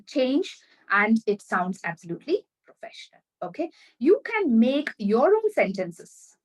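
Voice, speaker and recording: A woman teaching English with a lively, swooping voice that sits a little high. She repeats example sentences slowly, checks that viewers follow, and sounds a little distant from the mic. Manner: addresses viewers directly, checks understanding. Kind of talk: online English lesson.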